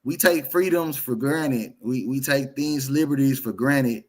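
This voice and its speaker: A man who is a guest on a livestream, speaking haltingly and repeating words as he searches for what to say. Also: medium pitch, a crowd in the background. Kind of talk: casual conversation.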